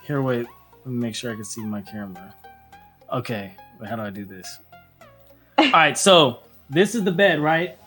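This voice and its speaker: A man's voice: medium pitch, lively intonation, normal speed, long pauses, fairly bright tone, slightly rough, faint music behind. A young man telling a rambling story in casual chat, acting out quotes with laughs. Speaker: podcast guest or co-host.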